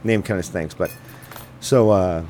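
A man's voice: low voice, a little slow, darkish tone, a little hiss or hum. A man hosting a casual radio show, telling stories at a loose, rambling pace with lots of fillers and swearing. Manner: rambling, laid-back, swearing, many fillers. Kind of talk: casual chat.

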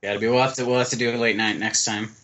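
A man's voice: mid-range voice, flat delivery, very fast, a bit bright. A young American man co-hosting a casual podcast, chatting in a laid-back, rambling way with lots of fillers. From United States. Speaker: podcast co-host. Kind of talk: casual chat. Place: living in Germany.

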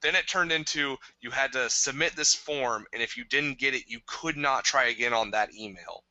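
A man in casual podcast conversation with a strikingly bright, edgy voice. He is recorded close and dry, with no room sound. He talks in loose, rambling runs and breaks into laughter often. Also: mid-range voice, dry recording, lo-fi sound. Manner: chatty, laughs often, drawn-out rants. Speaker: podcast co-host.

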